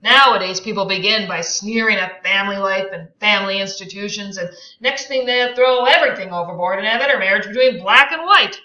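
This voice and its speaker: A woman voicing an arrogant, contemptuous rich man while reading a novel aloud, loud and incredulous. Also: mid-range voice, expressive, a little fast, hardly any pauses, muffled recording. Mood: scornful. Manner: sneering, incredulous, loud outbursts.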